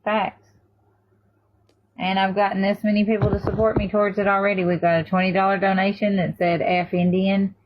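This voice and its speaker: A woman's voice: medium pitch, little pitch movement, brisk, muffled recording, background noise. A woman on a phone live stream, thanking donors and rallying viewers toward a fundraising goal. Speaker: live streamer raising donations. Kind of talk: casual live-stream chat.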